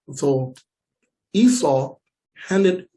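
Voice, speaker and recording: American male comic, storytelling stand-up, animated, slightly higher voice. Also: extremely slow. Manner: animated, repeats lines for emphasis. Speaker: stand-up comedian.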